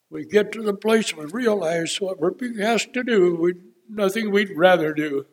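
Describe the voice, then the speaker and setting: A man in his eighties preaching an unscripted sermon from the pulpit, folksy and rambling, with frequent pauses and filler words. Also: high-pitched.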